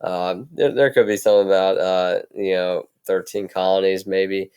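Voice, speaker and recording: A man with a low, smooth voice talks through a recorded history lesson on a computer mic. He speaks casually, with many fillers and restarts. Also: steady tone, a little slow, darkish tone. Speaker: history teacher.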